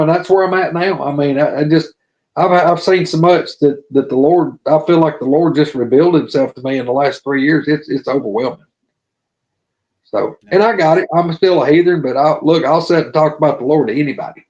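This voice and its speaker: A man's voice: a little high, brisk, a little mellow. A man telling a long personal story in a folksy, earnest way on a casual live show. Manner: folksy, earnest, drawling testimony. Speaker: podcast guest telling his story. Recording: dull lo-fi audio.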